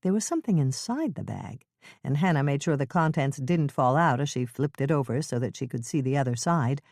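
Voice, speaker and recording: A woman narrating a mystery audiobook in an expressive, suspenseful style. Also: extremely low pitch, a little fast, dry recording, studio quality. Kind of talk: scripted narration.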